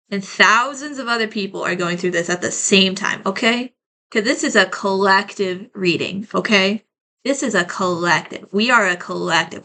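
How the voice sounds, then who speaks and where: A woman's voice: medium pitch, bright, forceful tone. A woman giving a casual tarot reading to her viewers, chatty and rambling with lots of "like" fillers, calling her audience y'all. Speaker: tarot reader.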